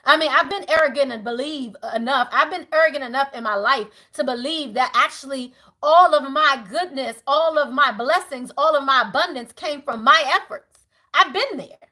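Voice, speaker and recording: Middle-aged woman doing a tarot reading live, high voice, talks big then drops to a quiet prayer, swears a lot. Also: moderate pace. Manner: animated, preachy, swinging from loud to hushed prayer; casual, outspoken, swears freely. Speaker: tarot reader.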